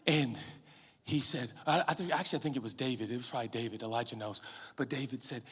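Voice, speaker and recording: A man in his forties, a pastor, preaching a sermon in an animated, humorous, conversational way, out of breath and sweating. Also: medium pitch, fast talker, slightly rough. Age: 40s. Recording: reverberant large hall.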